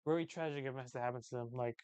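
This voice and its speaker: A man's voice: medium pitch, racing, a little mellow, smooth, no room sound. A young man hosting a livestream, chatting casually with viewers in a rambling, slangy way and repeating his phrases. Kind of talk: casual chat.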